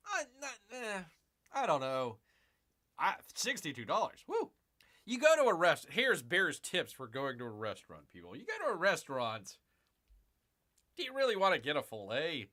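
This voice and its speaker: A man hosting a casual live stream, talking to his viewers in a loose, rambling way. His voice is bright and forward, and it jumps up and down in pitch a lot. It sits a little higher than most men's. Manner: chatty, rambling, talks to viewers as "people", calls himself Bear. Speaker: livestream host.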